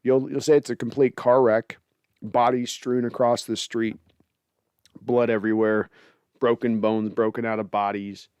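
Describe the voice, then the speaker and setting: A man's voice: medium pitch, little pitch movement, measured pace, a little mellow, clear, resonant tone, dry recording. A man hosting a casual post-game reaction livestream, rambling and sardonic as he vents and thanks donors. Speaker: podcast host.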